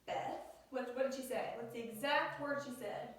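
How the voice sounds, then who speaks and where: A woman's voice: on the high side, normal speed. A woman teaching a grammar lesson in a classroom, explaining patiently step by step and asking questions. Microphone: phone recording from across the room. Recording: echoey room, distant phone mic.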